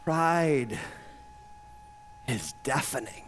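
A man preaching a sermon as pastor, emphatic and animated, with bursts of shouting. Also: medium pitch, drawn-out words, slight background noise.

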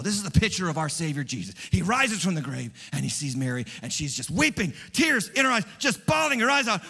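A man preaching an Easter sermon as pastor, animated and swinging from hushed tones to loud ones. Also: high voice, slightly rough, long reverb tail. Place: church.

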